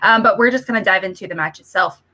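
Chatty woman cohost on a video call, bright crisp voice, lots of ums and you knows. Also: mid-range voice, fast talker. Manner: chatty, many fillers. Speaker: co-host. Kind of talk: casual video chat.

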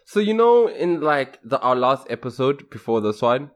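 A man's voice: mid-range voice, very animated, moderate pace. A man co-hosting a podcast, telling stories with lots of laughter and mimicking other people's voices. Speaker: podcast co-host. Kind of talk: casual chat.

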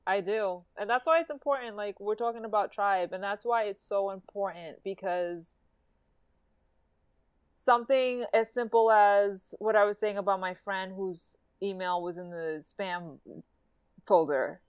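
A woman co-hosting a podcast talks things through slowly and thoughtfully, with stops and restarts. Her voice is smooth and clear at a medium pitch. The sound is close and dry, with no room around it. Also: no room sound. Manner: reflective, halting, laughs often. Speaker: podcast co-host. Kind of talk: casual chat.

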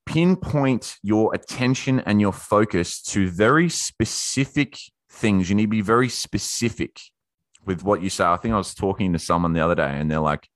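A man giving casual self-improvement tips in a rambling, energetic way, swearing now and then. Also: fairly low pitch, normal speed, no room sound. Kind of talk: casual live talk. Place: indoors.

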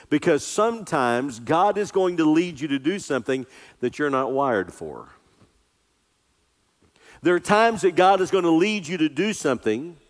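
Man, pastor, sermon, emphatic and earnest, slightly high voice, long hall reverb. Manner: earnest, emphatic preaching, slowing on scripture.

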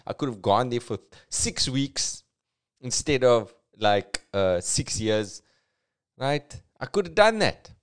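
A man in his forties from South Africa with a Cape Town accent. He hosts a comedy podcast as a playful solo monologue, with big comic jumps in pitch and low, thoughtful stretches. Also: expressive, slow. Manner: drifts into a low, quiet, thoughtful tone.

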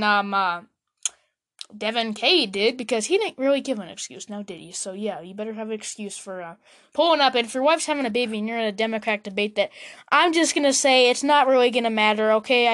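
A young woman hosting a podcast, chatting casually and joking as she reacts to a debate, laughing often. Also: on the high side. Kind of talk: casual chat.

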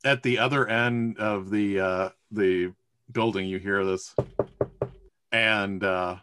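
A man's voice: on the low side, fairly even intonation, slow, noisy background. A man narrating a tabletop game as game master, rambling with fillers and laughing often.

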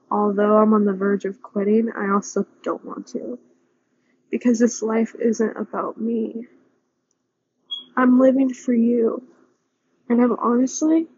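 Breathy young woman praying aloud. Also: on the high side, a little mellow, dull audio. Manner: earnest, pleading, confessional. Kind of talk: spoken personal prayer.

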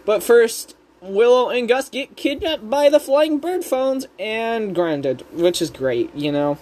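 Unhurried, rambling host recapping an episode, chatty and giggly. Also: medium pitch, expressive, a little mellow, a little hiss or hum.

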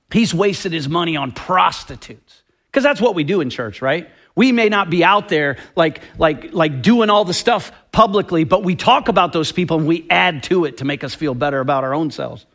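A man's voice: high voice, animated, moderate pace, fairly bright tone. A man preaching a sermon with passion and emphasis, often acting out quoted dialogue. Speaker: pastor.

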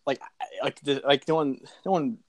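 A man's voice: medium pitch, a little fast, no room sound. Rambling young man, casual podcast co-host. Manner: rambling, hesitant, lots of fillers like "like".

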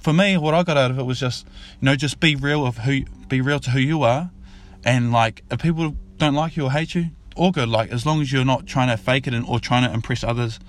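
Rambling dad telling a fable. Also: male voice, medium pitch, a little fast. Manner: rambling, repeats himself, loose and informal. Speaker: father telling a story. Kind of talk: casual spoken storytelling.

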